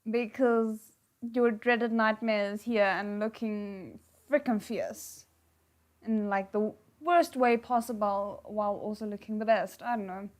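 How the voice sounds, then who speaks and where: A woman streaming a live read-aloud of comics, breaking off to react in an animated, exclaiming way. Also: medium pitch, measured pace.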